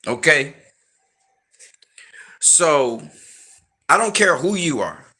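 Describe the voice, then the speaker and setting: An online commentator rants unscripted at his viewers, lecturing and warning them in blunt, heavily profane slang that gets more heated as he goes. His mid-range voice is animated, pushed and bright, at a moderate pace.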